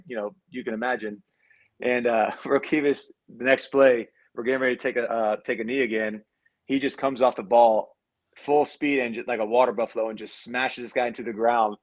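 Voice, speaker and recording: A former college quarterback of Cuban heritage, in his thirties, speaks a little fast with fairly even intonation as an interview guest. Laid-back and freely swearing, he tells loose stories and imitates people in a raised, higher voice.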